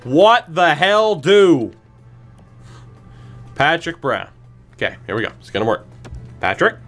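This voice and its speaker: Slow, bright-voiced exasperated gamer man. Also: fairly high pitch, sing-song, soft background music. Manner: exasperated, pleading, swearing; sarcastic asides. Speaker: gaming channel host. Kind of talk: video game commentary.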